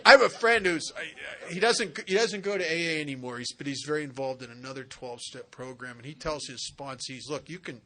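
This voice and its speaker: Bright-voiced man telling jokey stories. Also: fairly high pitch, brisk, hardly any pauses, a little hiss or hum. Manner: animated, joking, slangy asides like "man". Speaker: recovery meeting speaker. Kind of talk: humorous storytelling talk. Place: retreat center meeting.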